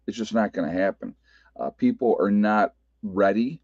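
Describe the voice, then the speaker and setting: A man's voice: on the low side, moderate pace, a little mellow, husky, no room sound. A man with an Appalachian American accent hosting a casual livestream, talking loosely, laughing often and restarting his sentences. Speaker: livestream host. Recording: dull lo-fi webcam audio.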